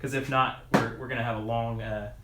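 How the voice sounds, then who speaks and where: A man's voice: medium pitch, a little fast, loud music behind the voice. Chatty man in an echoey room. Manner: rambling, lots of "like" and restarts, chuckles often; relaxed and friendly, talking while working on his bike. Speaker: mountain bike video creator answering live chat. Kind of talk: casual live-stream chat.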